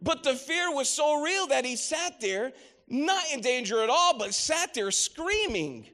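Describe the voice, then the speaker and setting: A middle-aged man with a high-pitched voice delivers a sermon. He tells stories with rising emphasis and quotes scripture. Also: sing-song, unhurried, pushed and bright. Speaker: preacher.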